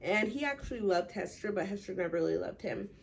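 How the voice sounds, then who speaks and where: A young woman casually summarizing a classic novel, full of "like" and "um", slipping into quick voices for the townsfolk. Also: mid-range voice, expressive, creaky, slight background noise. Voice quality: chatty, filler-heavy, lots of "like". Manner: acts out townsfolk in quick quoted bits. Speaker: book summarizer.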